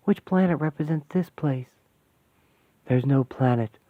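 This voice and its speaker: A man's voice: on the high side, unhurried, no room sound, lightly acted. A man voicing a young woman mystic in a fan radio play, talking in breathless wonder and explaining mystic symbols. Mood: awed. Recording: tinny dry lo-fi sound.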